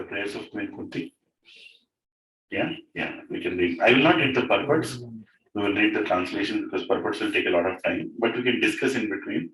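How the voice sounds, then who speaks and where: Animated man telling a devotional story. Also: lowish voice. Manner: animated, chuckling, asks "right?" often. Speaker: speaker at a home devotional gathering. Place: living room of a home. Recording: echoey room, mic far off, faint noise.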